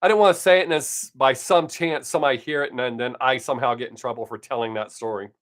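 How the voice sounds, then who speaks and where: A man's voice: mid-range voice, fairly even intonation, fast, a bit bright. An older man, chatting casually on his live stream from home and telling stories bluntly, with plenty of swearing. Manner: profane, blunt storytelling.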